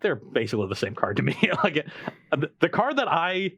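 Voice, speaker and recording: A man's voice: fairly high pitch, sing-song, a bit bright, breathy edge, no echo. A man playing a card game match on a show, thinking aloud about his hand and deck choices. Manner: fast, thinking aloud with restarts. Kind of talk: casual banter while playing.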